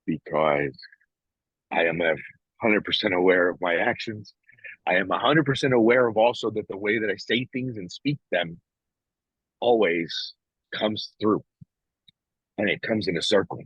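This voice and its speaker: A man with a very low, husky voice co-hosts a casual podcast, talking bluntly and swearing freely. He circles back and restarts his thoughts as he reflects. The recording is dry and a little muffled. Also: measured pace, long pauses, a bit bright, dry recording. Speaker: podcast co-host.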